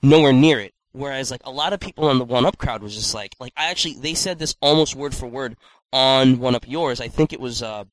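A man casually chatting on an online podcast, animated, swearing freely and acting out quotes. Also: mid-range voice, a little fast, no echo, poor audio. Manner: animated, swearing, acts out quotes in exaggerated voices. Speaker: podcast co-host. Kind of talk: casual chat.

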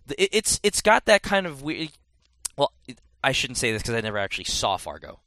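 A man's voice: mid-range voice, big pitch swings, fairly quick, pushed and bright, no echo. A man in casual podcast chat, rambling and correcting himself as he reviews a game. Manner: rambling, self-correcting, chatty.

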